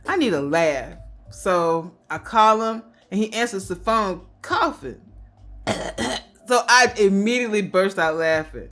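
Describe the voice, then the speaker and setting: Woman, 50s, bright-toned vlogger, casual storyteller who laughs a lot. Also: mid-range voice, a little slow, soft background music. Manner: chatty, laughs often, quotes others in animated voices.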